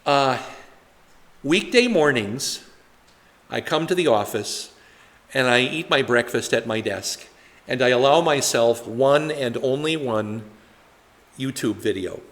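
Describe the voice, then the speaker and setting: A man's voice: mid-range voice, lively intonation, takes it slowly, long pauses, fairly bright tone, long reverb tail. A male pastor leading a conversational Bible study, talking in a chatty way with many fillers and rhetorical questions.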